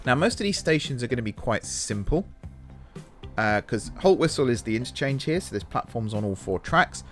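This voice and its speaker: A man's voice: medium pitch, lively intonation, moderate pace, faint music behind. A man hosting a casual let's-play, chatting and thinking aloud while he builds, and poking fun at his own mistakes. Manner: self-deprecating about mistakes. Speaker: gaming channel host.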